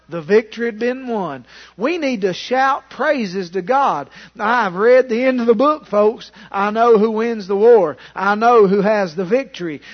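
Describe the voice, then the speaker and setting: A man preaching a sermon as pastor, fervent, with restarts and loud exclamations. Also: high-pitched. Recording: dull lo-fi sound.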